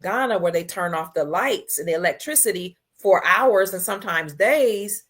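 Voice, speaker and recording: Woman, livestream host, tearful, emotional, lowish voice, casual chat with viewers. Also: animated, moderate pace, breathy edge. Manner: emotional, swings between soft and loud.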